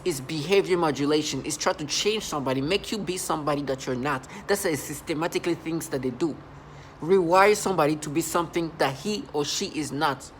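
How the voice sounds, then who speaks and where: A man's voice: on the high side, a little hiss or hum. A man talking to camera in an agitated, rambling monologue, often repeating and restarting himself. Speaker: channel host.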